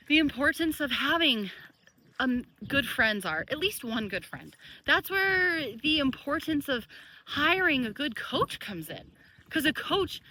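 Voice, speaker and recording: A woman in her thirties talks to camera as a life coach, her voice slightly high and notably bright. She tells stories casually, laughs easily and leans on repeated phrases to drive a point home. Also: poor audio.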